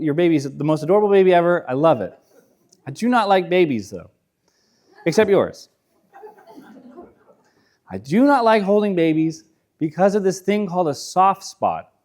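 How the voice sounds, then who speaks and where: Man, high voice, pastor, casual sermon, self-deprecating stories, acted-out quotes. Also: a little mellow.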